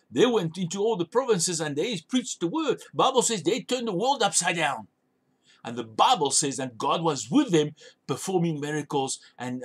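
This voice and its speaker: A man's voice: fairly high pitch, husky. A man preaching a sermon as a pastor, urging listeners with emphatic, repeated commands. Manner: emphatic, repetitive exhortation.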